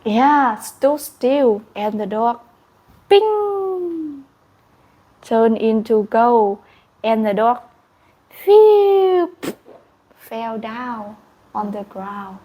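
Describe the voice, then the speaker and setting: A woman's voice: on the high side, steady tone, slow, warm tone. A young adult woman telling a story as an English lesson, with English, sound effects and gasps. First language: Vietnamese. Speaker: English teacher.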